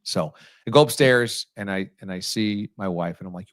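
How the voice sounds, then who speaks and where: A male sports radio host telling stories casually, animated and teasing, with sudden jumps in his voice. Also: sits low, normal speed, no room sound, clean studio sound. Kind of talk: casual storytelling on a sports talk show.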